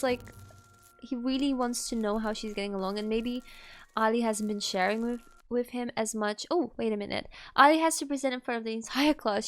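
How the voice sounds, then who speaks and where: A woman's voice: fairly high pitch, no room sound. A woman commenting on her life-sim gameplay in a chatty, rambling way, full of fillers and small laughs. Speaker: gaming host. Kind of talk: let's play commentary.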